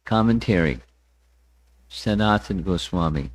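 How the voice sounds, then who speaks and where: A man teaching a scriptural class, speaking deliberately, often repeating words and chanting verses with his listeners. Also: deep voice, darkish tone, dry recording. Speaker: spiritual teacher. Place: temple hall.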